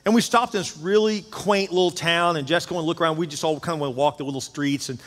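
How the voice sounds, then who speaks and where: A man's voice: on the high side, fast talker, fairly bright tone. Fervent preaching man in a reverberant hall. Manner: emphatic preaching, storytelling with rising and falling intensity. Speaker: pastor. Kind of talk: sermon. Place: church sanctuary.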